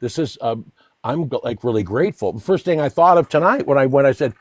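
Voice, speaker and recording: A man on a livestream, rambling through a story with plenty of restarts and laughs as he talks. His voice sits at a middle pitch and the recording is close and dry. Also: expressive, quick pace, dry recording. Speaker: guest. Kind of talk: casual storytelling.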